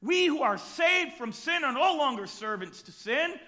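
A man preaching a sermon, moving between quiet, close talk and sudden loud, emphatic shouts. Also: very high-pitched, lively intonation, moderate pace, hardly any pauses.

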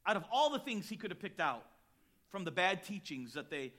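Male pastor, fairly high, bright voice, dynamic sermon delivery, quiet-to-loud swings. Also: sing-song, a little fast. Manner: dynamic preaching, swings between quiet and loud emphatic lines; storytelling with acted quotes and chuckles.

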